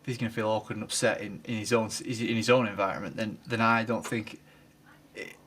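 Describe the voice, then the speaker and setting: A man, speaking hesitantly and haltingly in an interview. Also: on the low side, fairly even intonation, fairly bright tone. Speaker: shop worker.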